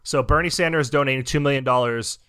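A man's voice: medium pitch, fast, sharp tone, clear, resonant tone. A young man hosting a podcast, ranting in heated, profane casual chat. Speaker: podcast host.

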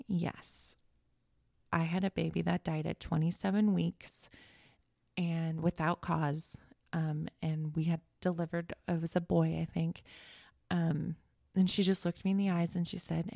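A woman telling a painful personal story in a halting, emotional way as a podcast guest. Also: lowish voice, gravelly, a little mellow, no room sound, clean studio sound. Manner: halting, emotional, reliving the moment. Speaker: guest sharing her story.

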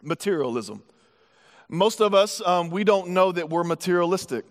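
A man's voice: sits high, animated, moderate pace, big-room sound. A man from the United States preaching a sermon as pastor, casual, with joking asides.

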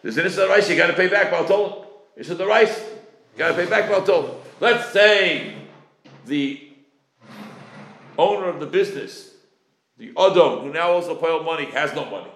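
A man's voice: on the high side, normal speed, pauses often, a bit bright. A man in his forties teaching a Talmud class, acting out creditor and debtor exchanges. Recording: echoey room.

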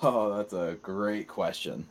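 A man co-hosting a casual podcast, answering in a dry, measured and sceptical way. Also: lowish voice, a little hiss or hum. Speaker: podcast co-host.

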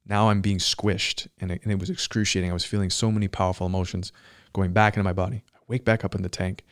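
A man speaks in a somewhat low voice, slowly recounting a personal experience in relaxed conversation. He pauses and restarts as he searches for words. The sound is dry and close, with little room behind it. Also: no room sound. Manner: reflective, searching for words, frequent fillers. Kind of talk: casual storytelling conversation.

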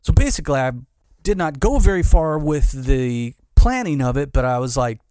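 Halting middle-aged man, dry close sound. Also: a little high, big pitch swings, mellow, clear, resonant tone, no echo. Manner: halting, restarts, repeats words; candid and emotional, says dude. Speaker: guest. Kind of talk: casual conversation, personal story.

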